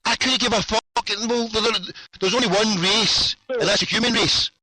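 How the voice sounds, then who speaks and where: A man's voice: sits high, moderate pace, a crowd in the background, rough recording. A Scottish man hosting a radio show, arguing heatedly and cutting in again and again. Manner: insistent, keeps interrupting with "hold on"; swearing. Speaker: radio host. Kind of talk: heated debate.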